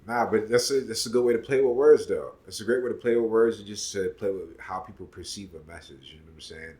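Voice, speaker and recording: Deep-voiced laid-back man. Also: fast. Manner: laid-back, lots of "you know what I'm saying", swings loud and soft. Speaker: podcast co-host. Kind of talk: casual chat.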